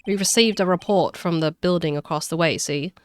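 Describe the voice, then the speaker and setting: A woman voicing a gruff male police detective, talking in an old-time gangster drawl and tacking "see?" onto his lines. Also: deep voice, moderate pace, a bit bright. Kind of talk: game dialogue read aloud on stream.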